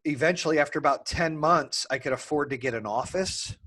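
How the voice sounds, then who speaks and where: A man telling the story of building his business in an animated, candid way, swearing casually and acting out both sides of old arguments. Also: fairly high pitch, fairly quick.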